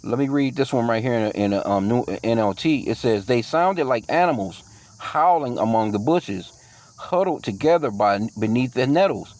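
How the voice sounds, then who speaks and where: A man's voice: medium pitch, expressive, normal speed, darkish tone. A man teaching from scripture in a casual, slangy way, reading verses aloud and then riffing loosely on them. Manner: profane, with frequent fillers and restarts. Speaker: bible teacher.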